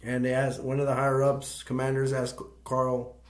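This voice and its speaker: A man's voice: medium pitch, completely flat delivery, normal speed. Rambling man recapping a film plot. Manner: rambling, searching for words. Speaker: movie review channel host. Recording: echoey room.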